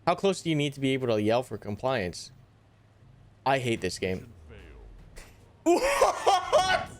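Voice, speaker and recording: A young gaming YouTuber gives live commentary on a tactical shooter, animated and quick to get exasperated, groaning and cursing at setbacks. His voice is medium-pitched and his pace moderate.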